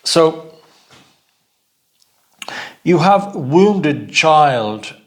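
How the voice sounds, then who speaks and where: A man's voice: on the high side, expressive, extremely slow. A middle-aged man giving an informal personal growth talk, chatty, laughing often and repeating words as he searches for them.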